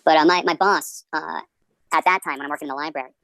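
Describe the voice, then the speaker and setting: A man's voice: a little high, fairly even intonation, fast talker, creaky, bright, forceful tone, no room sound. A male comedian in his twenties hosting a podcast, rambling through tangents in a self-deprecating way.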